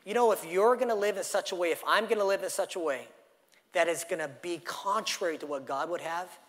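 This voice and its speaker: A male pastor preaches in a church, his voice somewhat higher than most men's and carrying a long reverb that tails off through the sanctuary. He shifts between emphatic, rising phrases and quiet, drawn-out endings as he tells a story. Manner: dynamic preaching, storytelling with acted quotes, swings from loud to hushed. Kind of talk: sermon.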